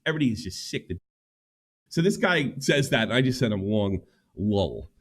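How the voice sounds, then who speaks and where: A man's voice: big pitch swings, a little fast. A middle-aged man ranting on a livestream, profane and heated. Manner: ranting, profane, swings pitch widely. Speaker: streamer.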